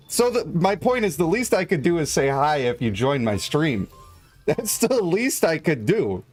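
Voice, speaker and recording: A man's voice: a little high, big pitch swings, moderate pace. Jokey, rambling male game streamer. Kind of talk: casual live game commentary.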